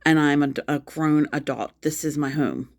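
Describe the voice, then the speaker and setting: A woman's voice: sits low, moderate pace. A middle-aged woman venting angrily on a phone livestream, repeating herself as she pours out her hurt and frustration. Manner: upset, angry, repetitive outbursts. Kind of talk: emotional venting vlog.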